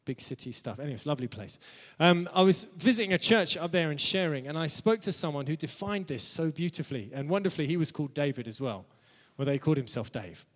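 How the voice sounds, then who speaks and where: A man's voice: a little high, animated, fast talker, hardly any pauses, fairly bright tone. A man preaching a sermon to a congregation, laughing often between phrases and calling out "amen" to the room. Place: church. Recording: long reverb of a church hall.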